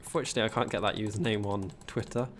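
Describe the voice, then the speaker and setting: This Englishman has a posh accent and a lowish voice, talking fast with fairly even intonation over slight background noise. On a gameplay livestream, he chats casually and rambles while building, reading the chat aloud.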